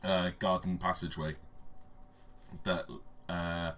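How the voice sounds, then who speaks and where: A man narrating as game master of a tabletop game, halting with fillers and restarts as he describes the scene. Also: low-pitched, level tone, fairly bright tone. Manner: hesitant, many fillers and restarts. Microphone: home microphone on a stream.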